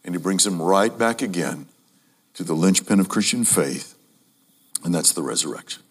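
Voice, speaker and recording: A man preaching a sermon to a congregation, emphatic, repeating key phrases and speaking to the audience as ladies and gentlemen. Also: sits low, expressive, moderate pace, breathy edge.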